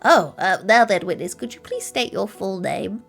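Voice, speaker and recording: A woman voicing an old male judge who is kindly but pompous and booms his lines. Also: animated, moderate pace, creaky, soft background music. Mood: soothing. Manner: booming, grandfatherly. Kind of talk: live-stream game dub.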